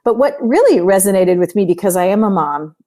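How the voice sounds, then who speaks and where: A middle-aged woman hosting an interview, speaking gently and reflectively from her own experience as a mother. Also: mid-range voice, lively intonation, fairly quick. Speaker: podcast host. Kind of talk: empathetic interview conversation.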